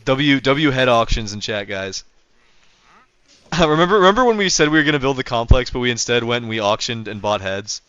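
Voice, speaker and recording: A young man streams a game and chats with his viewers, rambling and correcting himself as he goes. His voice is smooth and clear, dry and close, though the mic sounds dull and lo-fi. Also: mid-range voice, expressive, brisk, fairly bright tone, no echo. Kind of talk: casual livestream commentary.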